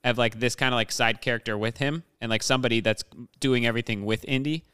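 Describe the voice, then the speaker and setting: Brief: young male co-host, smooth low voice, dry close mic, loose rambling chat. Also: fairly even intonation, fast, a bit bright, dry recording. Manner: rambling, filler-heavy, laughs often. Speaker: podcast co-host. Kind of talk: casual movie discussion.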